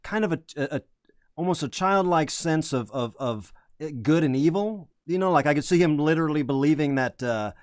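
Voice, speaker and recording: A man's voice: fairly high pitch, lively intonation, brisk, no room sound. Rambling male interview host, dry sound. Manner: rambling, searches for words. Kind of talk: casual interview chat.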